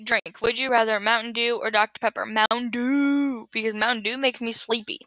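A young woman chats to her computer webcam at home in a bright, fairly high voice, giggly and scatterbrained. She often trails off and starts again. The sound is dry and close, with no room echo. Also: little pitch movement, brisk. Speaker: vlogger answering would-you-rather questions. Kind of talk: casual rambling chat to camera. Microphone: built-in computer webcam mic.

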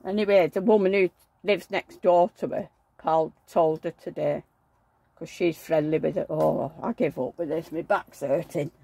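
A woman's voice: sits low, fairly even intonation, normal speed, creaky, warm tone, slightly rough, no room sound. A woman who chats bluntly while she works, talking fondly to her dolls and grumbling about her neighbours. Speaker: doll collector vlogger. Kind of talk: chatty running commentary while working.

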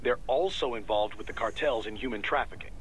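A man plays a brisk adult male radio operator who runs missions, talking in a businesslike briefing tone from a video game. His voice sits at a middling pitch for a man. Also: close to an everyday voice. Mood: matter-of-fact.

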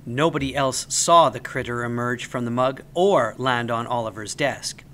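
A man reading a children's story aloud as the storyteller, with an expressive, animated delivery. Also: mid-range voice, normal speed.

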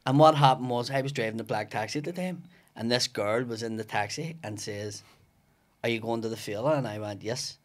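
A man's voice: mid-range voice, a little fast. A man with a Belfast accent, a comedian guest in a podcast studio, telling stories with lots of swearing and acting out each character's lines. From West Belfast, Northern Ireland. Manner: swearing, animated storyteller acting out dialogue. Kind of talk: casual podcast chat.

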